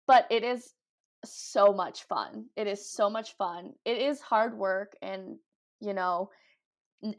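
A young woman chatting casually as a guest, upbeat and talkative. Her speech is full of "like" and little fillers, and her pitch sits in an ordinary middle range. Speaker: guest, cruise ship ice skater. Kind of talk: casual interview chat.

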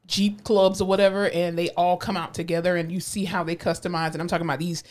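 A woman in her late twenties co-hosting a podcast in casual chat, playful and quick to laugh. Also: lowish voice. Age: late 20s. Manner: laughs often, playful and animated. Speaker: podcast co-host.

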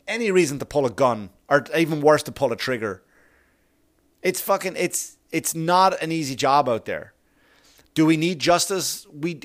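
A man rants through a profane comic monologue. His voice sits somewhat high for a man, and he talks bluntly and acts out the people he describes. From Long Island, New York. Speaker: comedian.

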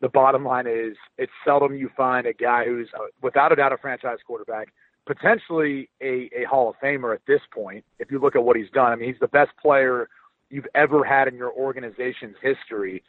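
A man's voice: medium pitch, a little fast, no echo. Man on a tinny phone line. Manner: relaxed, conversational, with filler ums. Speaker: guest analyst. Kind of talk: casual sports analysis. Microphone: phone call.

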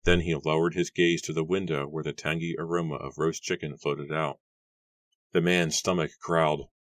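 A man reads an audiobook in a steady, measured voice. His voice sits extremely low, and the recording is close and dry with no room sound. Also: dry recording. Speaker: audiobook narrator. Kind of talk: scripted audiobook narration.

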